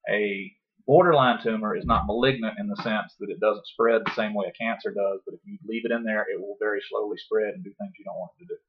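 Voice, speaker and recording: A man telling a long story in casual podcast talk, profane and animated, acting out his own past words. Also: lowish voice, fast, noisy background. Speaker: podcast guest. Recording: dull lo-fi podcast audio.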